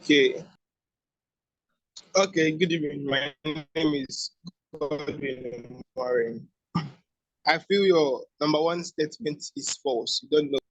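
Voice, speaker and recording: A man taking part in an online game on a video call, speaking slowly and carefully. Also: a little high, low-quality recording. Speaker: participant. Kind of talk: casual video call chat.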